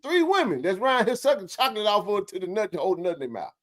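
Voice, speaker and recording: A man hosting a casual sports talk show, joking and bantering in slangy, animated talk. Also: high voice, fast.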